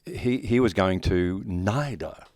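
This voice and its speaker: A man's voice: low voice, slow, darkish tone, no echo, clean studio sound. A man in his sixties with an Australian accent, a guest actor talking bluntly and joking, with plenty of swearing, in a casual interview. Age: 60s. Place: horror convention.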